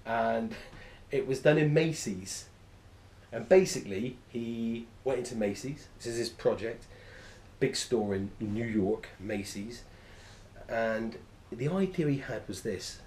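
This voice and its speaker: A man's voice: mid-range voice, slow, a little mellow, slight background noise. A man delivers a lecture in an echoey room. His voice sits in a middle register, and he rambles eagerly, stopping to correct and restate himself as he goes. He sounds like a teacher in front of a class. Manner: enthusiastic, rambling, self-correcting.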